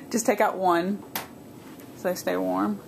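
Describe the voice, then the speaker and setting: A woman's voice: mid-range voice, creaky, background noise. A woman and mother chatting at home, laughing and patiently talking her partner through a diaper change. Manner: laughing, patient, gives step-by-step instructions. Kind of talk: casual home chat.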